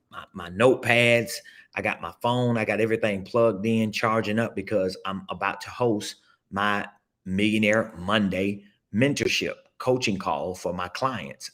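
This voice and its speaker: A man's voice: lowish voice, fairly bright tone. A man, a business coach, giving an emphatic, repetitive motivational talk on a casual livestream, seated at a table indoors and urging listeners to repeat phrases after him.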